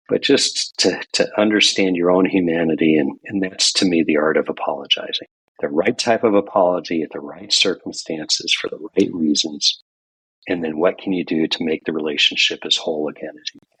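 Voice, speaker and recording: A man's voice: low voice, moderate pace, a bit bright, breathy edge, low-quality recording. An older man from California, a guest on a podcast, telling stories in an earnest, reflective way. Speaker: guest, past grand master of a Masonic lodge. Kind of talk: podcast interview.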